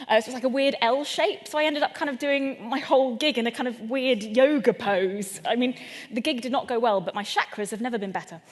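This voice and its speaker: A fairly high-voiced woman comedian from England talks to a live crowd, playful and self-mocking, with a light chatty delivery. Her voice carries a long reverberant tail from the hall around her. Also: brisk. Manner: chatty, playful, self-deprecating, addresses the audience. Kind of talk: stand-up comedy talk. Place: event venue in front of a live audience.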